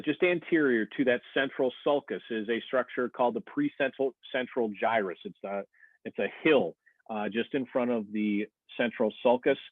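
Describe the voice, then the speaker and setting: Male anatomy instructor, mid-pitched, patient explainer, dry thin phone-like sound. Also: dry recording. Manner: explanatory, checks in with "okay?" and "right?", frequent "uh" fillers. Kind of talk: recorded classroom lecture. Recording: tinny phone-like dry recording.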